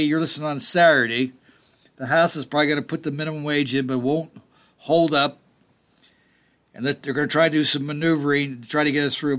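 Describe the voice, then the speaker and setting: A man's voice: mid-range voice, a bit bright. A middle-aged man hosting a political talk radio show, delivering emphatic commentary with sarcastic, mocking asides.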